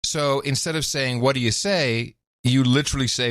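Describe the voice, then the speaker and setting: A man's voice: mid-range voice, no room sound. Guy hosting a podcast, voice jumps all over, dead dry close mic. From Europe. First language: Dutch. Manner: animated, chuckling, quick to joke. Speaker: podcast host. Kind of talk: casual talk.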